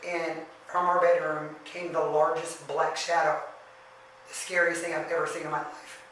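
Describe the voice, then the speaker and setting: Flat-voiced woman telling a story. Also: sits low, moderate pace. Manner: even, matter-of-fact telling of eerie experiences. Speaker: guest. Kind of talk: casual storytelling. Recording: echoey room, distant mic, faint noise.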